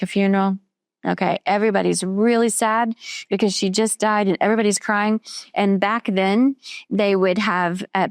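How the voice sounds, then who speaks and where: A woman teaching children a Bible story, asking them questions and slowing down on key words. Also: medium pitch, dry recording, clean studio sound. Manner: patient, questioning, slows down for emphasis.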